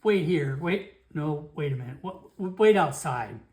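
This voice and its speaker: A narrator voicing a flustered, excitable male town guard captain who stammers and repeats himself. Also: mid-range voice, unhurried, lightly acted. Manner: stammering, repeats words in alarm.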